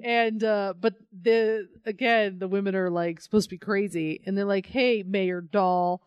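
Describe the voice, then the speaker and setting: A woman's voice: medium pitch, little pitch movement, normal speed, smooth, no room sound, highs cut off. A woman co-hosting a podcast, chatting casually about a comic book, sarcastic and laughing often as she acts out the characters. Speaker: podcast co-host.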